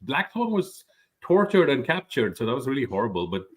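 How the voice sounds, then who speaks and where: A man's voice: medium pitch, big pitch swings, a little fast. A man reviewing a book in a casual chat, enthusiastic and full of "like, you know" fillers.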